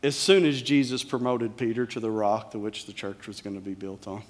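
A male pastor preaching a sermon in an emphatic, conversational way, dropping to quiet lows. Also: steady tone, a little fast.

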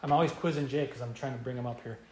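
A man's voice: medium pitch, fairly even intonation, very fast, a little mellow, roomy sound. A male pastor preaching an expository sermon, emphatic and repeating key phrases for stress. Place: church.

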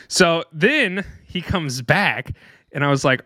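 A man's voice: medium pitch, normal speed, sharp tone, no room sound, studio quality. A young man co-hosting a podcast, telling rambling stories in casual chat and laughing often. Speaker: podcast co-host.

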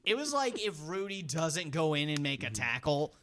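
A man co-hosting a podcast, telling stories in casual chat and loudly acting out other people's lines. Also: a little high, moderate pace, slight background noise. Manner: animated, acts out voices in shouts. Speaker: podcast co-host.

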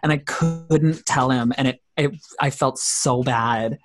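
A man from Canada chatting as an interview guest. He is blunt and casual, swearing freely while telling quick stories. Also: medium pitch, fairly even intonation, music in the background. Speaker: drag performer guest.

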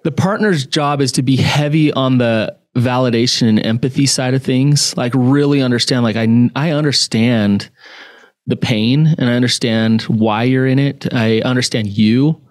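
A man co-hosting a podcast explains things and gives advice in an earnest, conversational way. His pitch is ordinary and the sound is dry and close, with no room sound. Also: normal speed, no echo.

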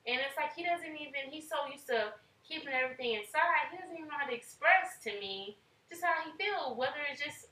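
A woman's voice: high voice, normal speed, bright, forceful tone, recorded from a distance. A woman in casual conversation, speaking earnestly about raising children and acting out little quoted exchanges. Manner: earnest, talks with her hands in quotes, acts out parent and child lines. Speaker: parent in a podcast conversation. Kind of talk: casual chat. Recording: echoey room, set back from the mic.

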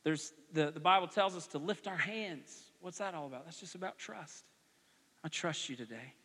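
A male pastor preaching a sermon. He moves from conversational asides to loud, animated exhortation. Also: a little high, moderate pace, slightly rough, in a large hall. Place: church sanctuary.

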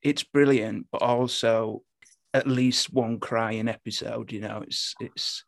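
A man's voice: mid-range voice, fairly even intonation, slow, creaky, no echo. A man with a Hull accent, co-hosting a podcast over a video call, bantering casually and swearing a lot. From Hull, England. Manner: sweary, self-mocking banter. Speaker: podcast co-host. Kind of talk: casual chat. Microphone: studio mic with pop shield.

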